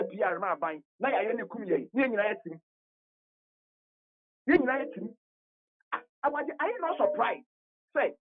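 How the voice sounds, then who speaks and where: A Ghanaian commentator calling into a radio talk show, heated and full of rhetorical questions, often repeating words for emphasis. The pitch swings widely as the argument builds. It all comes through a thin, tinny phone line.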